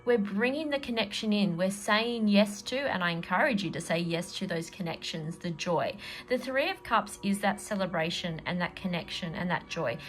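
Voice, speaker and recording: A woman's voice: mid-range voice, normal speed. Chatty woman reading tarot. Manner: chatty, rambling, with many fillers and laughs. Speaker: tarot reader and energy healer. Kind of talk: casual spoken tarot reading.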